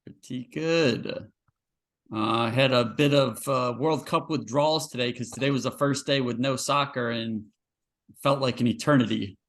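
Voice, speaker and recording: A man's voice: mid-range voice, steady tone, normal speed, a bit bright. A man co-hosting a podcast in casual chat, easygoing, often stammering and laughing. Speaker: podcast co-host.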